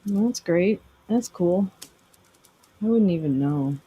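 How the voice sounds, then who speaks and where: A woman's voice: on the low side, lively intonation, slow, husky, narrow, tinny audio. A middle-aged woman hosting a casual livestream, rambling and self-deprecating as she chats with viewers. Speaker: livestream host.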